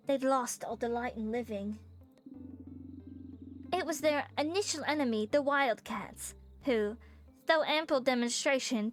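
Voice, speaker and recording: An ancient guardian spirit of a cat shrine, put on by a woman, speaking in a put-on semi-Australian, semi-British accent. Its voice sits high and it tells its tale slowly and solemnly, like a game's storybook narration. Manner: slow, solemn storytelling reading.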